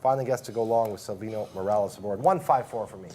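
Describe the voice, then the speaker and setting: Fast-talking man giving racing picks. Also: on the low side, dark tone, slight background noise. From Canada. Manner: quick, conversational, fast breakdown of form. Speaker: horse racing handicapper. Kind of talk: casual racing picks chat.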